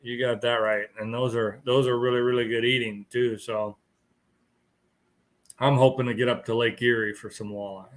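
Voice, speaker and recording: A man's voice: medium pitch, little pitch movement, moderate pace. A tired man hosting a casual live stream chat, rambling and chuckling as he greets viewers. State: tired, yawning.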